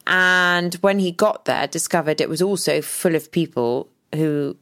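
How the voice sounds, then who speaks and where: Woman, low-pitched, casual chat, dramatic retelling, podcast. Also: unhurried. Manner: animated, dramatic retelling with restarts. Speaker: podcast co-host.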